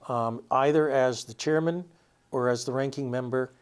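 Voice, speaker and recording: A man's voice: mid-range voice, normal speed, smooth. A middle-aged man with a Vermont accent, an author chatting as a guest and telling stories about an old friend with chuckles. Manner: storytelling, chuckles while recounting anecdotes. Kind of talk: casual interview chat.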